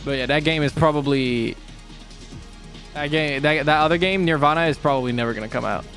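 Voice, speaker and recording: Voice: mid-range voice, fairly quick, fairly bright tone, faint music behind. A streamer chatting casually while playing a game, rambling, correcting themselves and swearing offhand.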